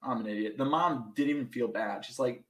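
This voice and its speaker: A man's voice: medium pitch, a little fast, reverberant, noisy background. Young man telling stories animatedly. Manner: animated, self-mocking, laughs through stories. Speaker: podcast guest. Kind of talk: casual storytelling.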